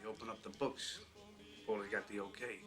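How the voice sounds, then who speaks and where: An actor playing a volatile middle-aged gangster boss who berates people and swears in film dialogue. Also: male voice, lowish voice, level tone, a little fast, over music, natural voice. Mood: low, tense.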